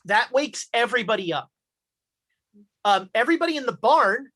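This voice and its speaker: A woman narrating a tabletop horror game as game master, halting with many fillers. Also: fairly high pitch, lively intonation, a bit bright.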